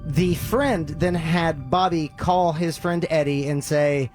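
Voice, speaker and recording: A man hosting a podcast, casually retelling a story with lively acted-out quotes and loose fillers. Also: on the high side, slow pace, few pauses, faint music behind. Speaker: podcast host.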